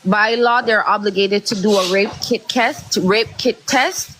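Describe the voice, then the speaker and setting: A woman's voice: mid-range voice, measured pace, over a noisy crowd, low-quality recording. A woman speaking emphatically and earnestly in a discussion. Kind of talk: emotional discussion.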